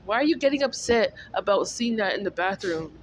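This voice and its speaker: A woman's voice: medium pitch, lively intonation, brisk, slight background noise. A woman venting in a casual vlog monologue, ranting and repeating herself in exasperation. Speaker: vlogger.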